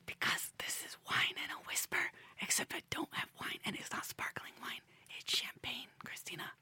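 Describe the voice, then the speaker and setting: A woman's voice: normal speed, sharp tone, no echo. A woman hosting a casual group chat, playful and often whispering. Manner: playful, whispering much of the time. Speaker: host.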